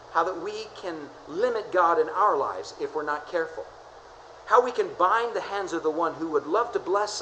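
This is a pastor preaching a sermon in a church. The delivery leans on repetition and contrast, slowing to near-whispers before rising to forceful high points. A faint layer of background noise sits under the voice. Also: poor audio. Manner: dramatic preaching with repeated phrases, swinging from soft to emphatic.

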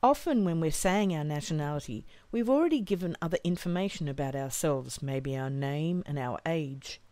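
A woman teaching a language lesson, modelling each phrase slowly and carefully for learners to repeat. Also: low-pitched, animated, warm tone, no echo.

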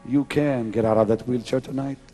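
A man preaching a revival sermon at a large crusade, swinging from loud exclamations to hushed whispers in a slow, drawn-out delivery. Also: mid-range voice, steady tone. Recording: 1990s live event recording with faint music.

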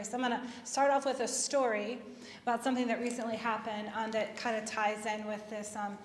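A woman's voice: a little high, steady tone, normal speed, slight background noise. A middle-aged woman telling a personal story at a parish talk, chatty, with lots of fillers and acted-out dialogue. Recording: echoey hall.

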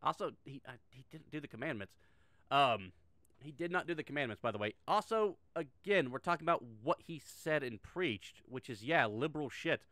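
A man's voice: fairly high pitch, lively intonation, moderate pace, fairly bright tone, no room sound. Sarcastic, profane middle-aged man. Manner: sarcastic, swears a lot, frequent restarts. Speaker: commentator reacting to a video. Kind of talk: profane casual reaction commentary.

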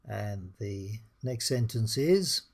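Husky British man teaching English. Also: on the low side, expressive. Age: middle-aged. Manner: slow, clear teaching delivery, acts out the dialogue lines. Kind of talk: recorded English lesson over slides.

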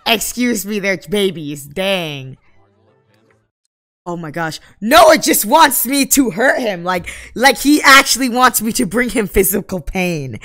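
A woman's voice: medium pitch, expressive, slow pace, pushed and bright. A young woman casually commenting on her life-simulation gameplay, chatty and mock-exasperated with her characters. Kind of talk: casual let's-play commentary.

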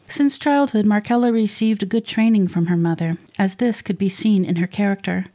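A woman reading a saint's life aloud for children, in a slow, measured storybook narration. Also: medium pitch, steady tone, dark tone. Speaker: reader of saints' lives for children.

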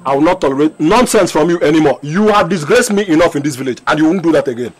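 An actor with a Nigerian accent playing a bossy older brother who coaxes with repeated "eh?" and then threatens, in a film drama. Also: male voice, fairly high pitch, animated, fast talker, lightly acted, rough recording. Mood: threatening. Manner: coaxing with tag questions "eh?", turning to shouted threats. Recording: film music behind.

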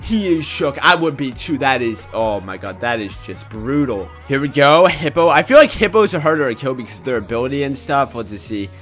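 A young man commentating his own gameplay in a casual, excitable way, often breaking into shouts. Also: mid-range voice, brisk, hardly any pauses, soft background music. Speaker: gaming YouTuber.

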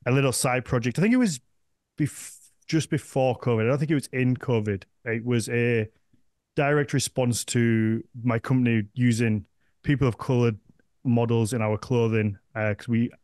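A man's voice: mid-range voice, normal speed, darkish tone, no room sound, studio quality. A man with a Northern English accent hosting a podcast, chatting casually and rambling with frequent restarts. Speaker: podcast host.

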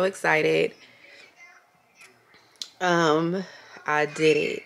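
A woman vlogging casually to her camera at home, gushing and excitable, with lots of ums and likes. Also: low-pitched, moderate pace, a little hiss or hum. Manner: gushing and excitable, with many fillers. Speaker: small business owner and vlogger.

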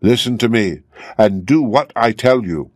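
A motherly old woman from a fairy tale urges and advises, her voice lifted well above the reader's usual low tone, as a man puts her on. It is recorded close and dry. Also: measured pace, no echo, close to an everyday voice. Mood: kindly. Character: kindly old woman helper, urgent.

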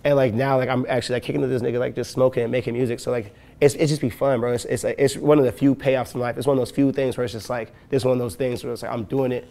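Late-20s man, quick delivery, casual interview talk with lots of "like" and laughs. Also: mid-range voice, fairly even intonation, creaky, mellow. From west side of Chicago. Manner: loose, profane, laughing often, full of "like" and "you know". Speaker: rapper and producer, interview guest.

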